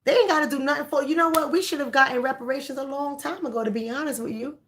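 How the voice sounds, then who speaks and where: A woman's voice: high-pitched, fast, a bit bright. A woman, telling a candid story in a casual monologue and repeating lines for emphasis. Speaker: vlogger.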